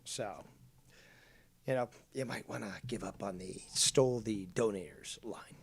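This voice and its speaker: A man's voice: fairly low pitch, a little slow, vocal fry, breathy edge. Sarcastic man firing off mocking jabs. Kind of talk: casual political chat.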